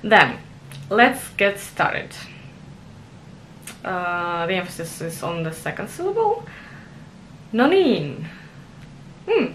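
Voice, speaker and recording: Woman, young adult, slow casual vlog, self-conscious, giggly. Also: lowish voice, huge pitch swings, fairly bright tone, a little hiss or hum. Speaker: language vlogger.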